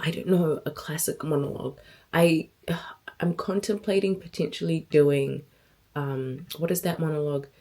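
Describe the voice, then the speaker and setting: A woman's voice: low-pitched, vocal fry, mellow, breathy edge. Chatty young woman with a sore voice. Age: 20s. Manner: chatty, rambling, self-talk. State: sore, hoarse voice. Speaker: vlogger. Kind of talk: casual vlog chat.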